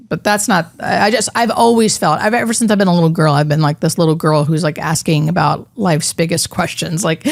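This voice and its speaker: Soft-spoken woman, a hospice nurse recounting a story. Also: lowish voice, no room sound. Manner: emotional, halting storytelling with many fillers. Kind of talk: interview storytelling.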